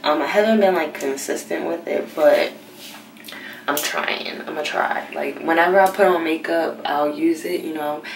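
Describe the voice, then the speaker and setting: A young woman vlogger talking casually at night in a hushed, half-whispered voice so she won't wake anyone, recording on a handheld phone in her bathroom. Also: low voice, normal speed, gravelly, slight background noise. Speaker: beauty vlogger. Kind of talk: late-night casual vlog. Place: bathroom at home. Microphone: handheld phone camera. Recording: roomy, slightly distant phone audio.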